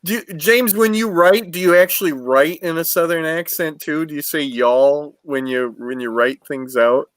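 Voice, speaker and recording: A man's voice: a little high, normal speed, hardly any pauses, fairly bright tone, no room sound. A man with a northern US accent, a writer chatting as a guest on a video-call panel, joking and laughing often between stumbling starts. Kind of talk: casual video panel chat.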